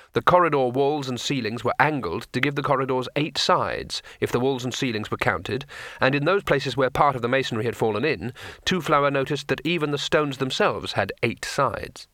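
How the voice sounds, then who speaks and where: A man's voice: medium pitch, lively intonation, normal speed, fairly bright tone, no room sound. A man narrating an audiobook in a dry, wry storytelling manner.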